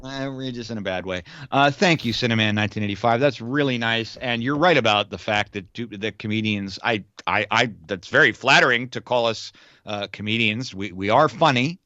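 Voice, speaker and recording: Male podcast co-host, expressive and indignant in fun, muffled lo-fi recording. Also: medium pitch, fairly quick, no room sound. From United States. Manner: animated, playfully indignant. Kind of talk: casual chat. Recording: dull lo-fi sound.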